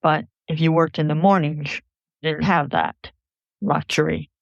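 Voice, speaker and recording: A woman's voice: sits low, steady tone, measured pace, vocal fry, dry recording, muffled recording. Woman telling a personal story, dry close mic. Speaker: podcast storyteller.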